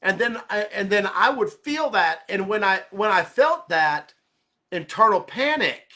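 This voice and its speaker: A man's voice: high voice, lively intonation, unhurried, sharp tone. A man pastor giving a conversational sermon, earnestly checking in with listeners and often rephrasing mid-thought.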